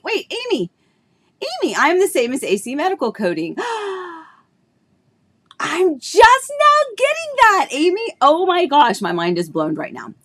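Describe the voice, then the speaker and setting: A woman's voice: medium pitch, vocal fry. Chatty woman real estate host with a throaty cough. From Florida, United States. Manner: bubbly, chatty, greets viewers by name. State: tickle in her throat, coughing. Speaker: real estate agent hosting a live stream. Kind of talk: casual live-stream chat.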